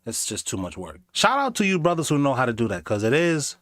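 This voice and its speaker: A man doing casual live commentary on videos, animated and sarcastic, slipping into mocking voices. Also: mid-range voice, quick pace, slight background noise. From inner city. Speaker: streamer reacting to videos.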